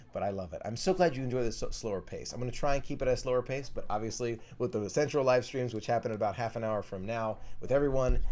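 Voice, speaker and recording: A young man chats through a live stream in a casual, friendly way, reading viewers' comments aloud and answering each one. His voice sits at an ordinary middle pitch for a man. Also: a little mellow. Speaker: vlogger hosting a live stream.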